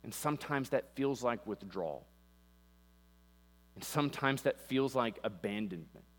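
This mid-range, expressive voice belongs to a male pastor preaching a little slowly. Captured on a pulpit mic with long church reverb and mains hum, he surges and softens passionately, voicing the people he quotes.

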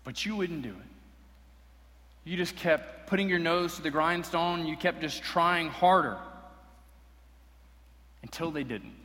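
Bright-voiced preacher in a reverberant hall. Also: male voice, fairly high pitch, measured pace, long pauses. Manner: earnest preaching with emphatic repetition. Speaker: pastor. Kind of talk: sermon.

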